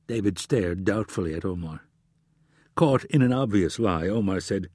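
Husky-voiced male audiobook narrator. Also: low voice, lively intonation, moderate pace, darkish tone, no echo, clean studio sound. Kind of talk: scripted narration.

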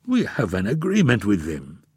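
A man's voice: fairly low pitch, huge pitch swings, normal speed, husky, dry recording, clean studio sound, exaggerated voice. A man doing a boastful, naive prince. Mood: confident. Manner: confident, self-assured.

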